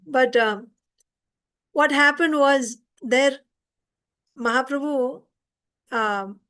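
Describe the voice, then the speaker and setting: A woman's voice: high-pitched, very slow, fairly bright tone. A woman teaching an informal scripture class, retelling a story conversationally and stopping to explain.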